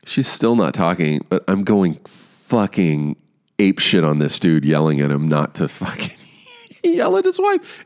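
A man hosting a podcast who tells a story on his own in a casual, animated way, swearing often. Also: deep voice, unhurried. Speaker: podcast host.

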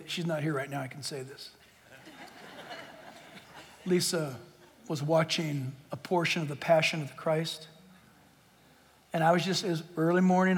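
A middle-aged male pastor preaching a sermon, emphatic and full of rhetorical questions, swinging between loud declarations and hushed asides. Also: on the high side. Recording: long reverb of a big hall.

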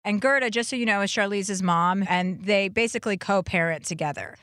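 A woman hosting a podcast, blunt and teasing, quick to laugh at her guests. Her voice sits mid-pitch and sounds dry and close to the mic. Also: a bit bright, no room sound. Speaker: podcast host. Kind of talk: casual podcast chat.

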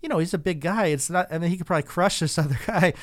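A man's voice: fairly high pitch, very fast, no room sound. A man in casual conversation, earnestly telling stories with frequent restarts. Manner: earnest, storytelling, many restarts.

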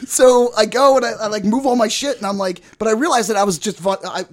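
A man's voice: high-pitched, fast. A man in his forties telling a personal story in casual chat as a podcast guest, rambling, profane and often laughing.

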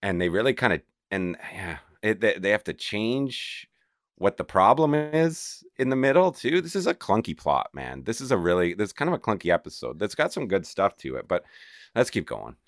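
A man's voice: on the low side, sing-song, moderate pace, no room sound, studio quality. A man co-hosting a TV recap podcast, opinionated and full of restarts. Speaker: podcast co-host. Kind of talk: casual TV recap chat.

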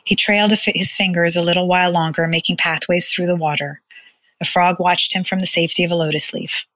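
A woman narrating a first-person story in a tender, measured, hushed way. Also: lowish voice, steady tone, dry recording, rough recording.

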